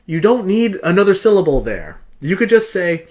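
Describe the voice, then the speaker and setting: Sarcastic man with a lively, rising voice. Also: high voice, unhurried, hardly any pauses. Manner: sarcastic, exasperated ranting; emphatic repetition. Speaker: video host reviewing song lyrics. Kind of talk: casual vlog commentary.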